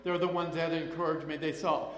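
An older man with a somewhat high voice tells a rambling personal testimony, circling back and acting out remembered voices. The sound is roomy, with a long reverb trailing each phrase. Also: flat delivery, brisk. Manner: rambling, with many restarts and acted-out quotes. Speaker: person sharing a recovery story. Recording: echoey hall with long reverb.

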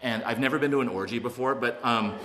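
A man's voice: mid-range voice, quick pace, a bit bright. A middle-aged man from Alabama, speaking earnestly to an audience about his recovery, with many restarts and acted-out voices. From Alabama, USA. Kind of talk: personal talk to an audience. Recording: echoey hall with long reverb and faint noise.

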